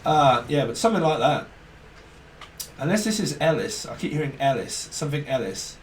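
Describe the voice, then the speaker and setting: A man's voice: medium pitch, animated, moderate pace, distant mic. A man giving a casual tarot reading, rambling and free-associating with jokes. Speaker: tarot reader. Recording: echoey room, off-mic, faint hiss.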